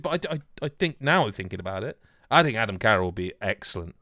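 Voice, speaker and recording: A man's voice: mid-range voice, lively intonation, fast talker, bright, forceful tone, no echo, clean studio sound. A man hosting a casual gaming podcast, rambling and joking with lots of restarts. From Wales. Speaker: podcast host. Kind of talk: casual chat.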